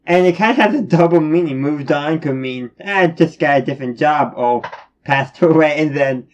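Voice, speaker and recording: A man's voice: fairly high pitch, normal speed. Rambling man on dull lo-fi audio. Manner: rambling, many restarts and fillers. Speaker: reviewer of animated episodes. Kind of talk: casual spoken review.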